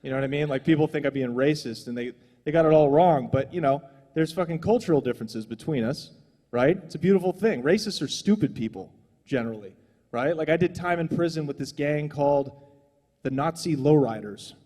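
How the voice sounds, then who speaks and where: A man's voice: fairly high pitch, fairly quick, mellow, big-room sound. A young adult man doing a stand-up comedy set on a small stage, rambling and profane in a loose, conversational way.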